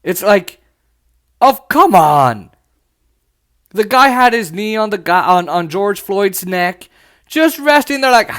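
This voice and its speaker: A man's voice: sits high, animated, takes it slowly, long pauses, pushed and bright. A man hosting a solo podcast, talking bluntly and with passion, breaking into mocking asides. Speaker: podcast host.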